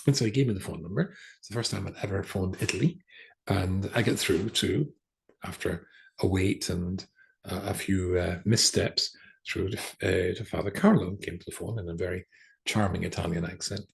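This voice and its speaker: A man's voice: low voice, fairly even intonation, moderate pace, gravelly. An older man, a rabbi, tells a story in a chatty lecture, often stopping with fillers and restarts. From England. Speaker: rabbi teaching a class.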